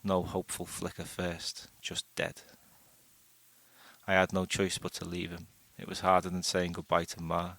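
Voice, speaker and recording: A man reading a first-person short story aloud in a steady, unhurried way. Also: deep voice, no echo. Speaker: audiobook narrator.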